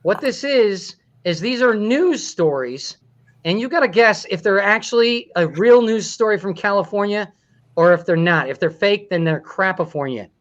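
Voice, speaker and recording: A man's voice: high voice, expressive, moderate pace, dull audio. A man hosting a comedy talk show, joking and laughing through his running commentary.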